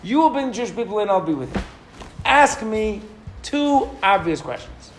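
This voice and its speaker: Middle-aged guy teaching torah to a class, high voice that jumps all over, quizzes the room. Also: moderate pace. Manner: animated, questions the class, reads Hebrew verses aloud.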